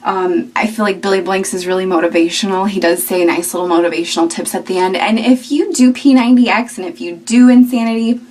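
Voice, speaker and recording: A woman's voice: medium pitch, brisk, few pauses, a little mellow, recorded from a distance. A young woman in her twenties talking casually to camera at home, chatty and rambling with fillers. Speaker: vlogger. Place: at home indoors.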